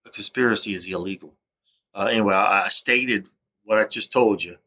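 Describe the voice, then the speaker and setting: A man's voice: on the low side, fairly quick, pushed and bright. A man in a rambling, self-recorded monologue, stammering and restarting as he airs grievances. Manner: aggrieved, accusatory. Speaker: vlogger.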